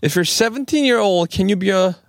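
A man co-hosting a radio show, quick and playful, reading news stories aloud in a studio. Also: high-pitched, lively intonation, gravelly, no echo. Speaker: radio co-host. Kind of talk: bilingual radio banter. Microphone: studio microphone.

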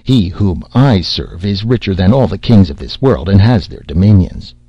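A man's voice: low voice, lively intonation, moderate pace, husky, dry recording, heavily acted. A man voicing a scheming, sly female witch who coaxes and mutters in an audiobook reading. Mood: boastful. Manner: coaxing, muttering, secretive. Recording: slightly dull lo-fi audio.

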